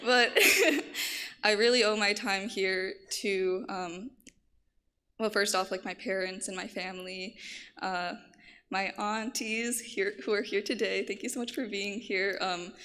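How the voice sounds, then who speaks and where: A woman's voice: medium pitch, steady tone, a little slow, fairly bright tone, clean tone. Emotional young woman giving thanks. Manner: casual, with many likes. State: emotional, near tears. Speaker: graduating student speaker. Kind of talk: short thank-you speech.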